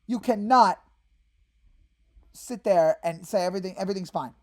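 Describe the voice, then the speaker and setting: A woman hosting a fan channel, ranting in exasperation about her team and breaking into sudden shouted outbursts. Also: mid-range voice, normal speed. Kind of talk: angry fan rant.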